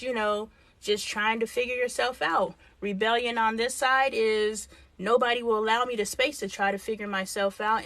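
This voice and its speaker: This livestream host is a middle-aged woman whose voice sits a little high and comes across fairly bright, captured dry. She reads viewer comments in casual chat, responding frankly and thinking aloud.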